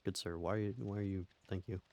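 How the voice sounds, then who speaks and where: Male streamer, deep and gravelly, casual wry commentary over gameplay. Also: fairly even intonation, normal speed, dark tone. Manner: joking, wry, laughs often.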